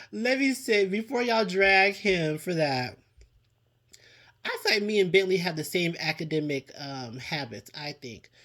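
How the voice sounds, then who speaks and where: A man's voice: high-pitched, expressive, unhurried, sharp tone. A man giving a chatty TV review in a casual vlog, with dramatic reactions and frequent laughs. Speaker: TV show reviewer.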